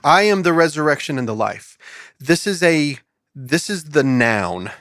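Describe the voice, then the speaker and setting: A man hosting a podcast, reading scripture aloud slowly and asking his guest questions in a casual Bible study conversation. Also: on the high side, very animated, a bit bright, dry recording. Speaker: podcast host.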